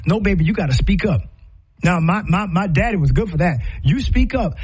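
A man's voice: sits high, expressive, a little fast, darkish tone, husky, low-quality recording. A man giving an impassioned, preaching-style talk full of rhetorical questions, his voice rising and falling sharply. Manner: passionate, rhetorical questions, rises and falls sharply. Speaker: speaker on parenting.

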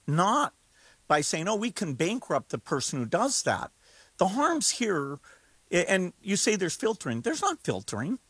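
A man with a fairly high voice speaks urgently and emphatically as an interview guest. He presses his points with rising insistence. The sound is dry and close. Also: vocal fry, fairly bright tone, slightly rough, no echo. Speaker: guest expert on AI risk. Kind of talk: interview conversation.

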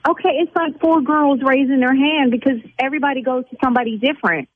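A woman who owns a beauty salon, arguing with a caller over the phone, indignant and blunt and quick to flare up. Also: sits high, slightly rough, dry recording. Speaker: salon owner on a phone call. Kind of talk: heated phone argument. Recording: tinny phone line.

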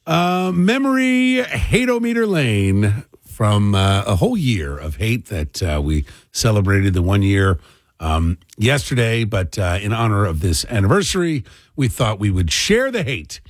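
A man's voice: lowish voice, sing-song, normal speed, no echo. A man hosting a call-in radio talk show, chatting casually and rambling with fillers.

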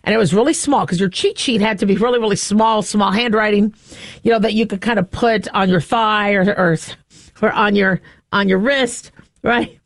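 A woman in her fifties hosting a monologue, an animated storyteller who acts out the people in her anecdotes. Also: mid-range voice, normal speed, dry recording, clean studio sound.

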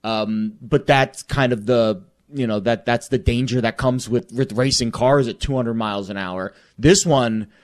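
A man with an average-pitched voice co-hosts a sports talk show. He speaks in a rambling, reflective way, full of pauses, fillers and restarts. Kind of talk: casual sports chat.

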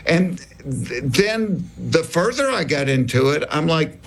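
A man in his sixties with a Southern US accent, a comedian telling animated stories in a casual interview and acting out the voices of the people he quotes. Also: on the high side, measured pace, few pauses, a little hiss or hum. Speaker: comedian guest.

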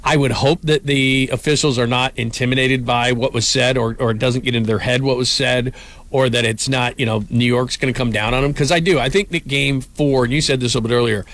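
Male sports commentator, casual, lively delivery with repeated starts. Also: medium pitch. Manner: animated, repeats words as he starts sentences.

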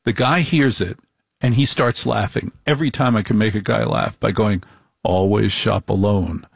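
A middle-aged man giving a comic monologue in a deliberate, repetitive, wry way. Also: medium pitch, creaky, breathy edge, no room sound, clean studio sound.

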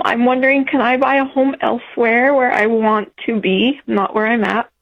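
Emotional woman caller on a tinny phone line. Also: medium pitch. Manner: halting, emotional, with restarts. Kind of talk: call-in conversation.

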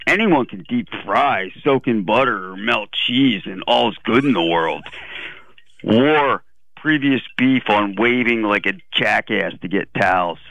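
A man's voice: lowish voice, lively intonation, a little slow, fairly bright tone, no room sound. Blunt exasperated male caller, muffled line. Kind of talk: phone-in rant.

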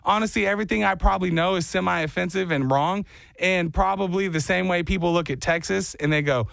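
Young guy, high light voice, loose self-mocking storyteller, dry close mic. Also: steady tone, fairly quick, vocal fry, a bit bright, dry recording. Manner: rambling and self-mocking, slips into put-on accents. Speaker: podcast co-host telling a story. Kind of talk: casual storytelling.

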